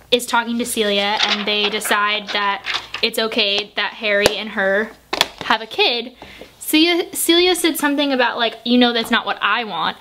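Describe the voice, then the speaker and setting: A woman's voice: a little high, noisy background. A young woman talking casually as a book vlogger. She gushes emotionally and swears freely while doing her makeup. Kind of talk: casual book review chat.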